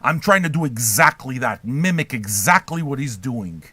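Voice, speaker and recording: A man's voice: mid-range voice, lively intonation, moderate pace, bright, forceful tone, slightly rough, dry recording. An older man hosting a livestream, chatting with his viewers in a profane, trolling, rambling way. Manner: brash, trolling, swears constantly. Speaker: livestream host reacting to chat.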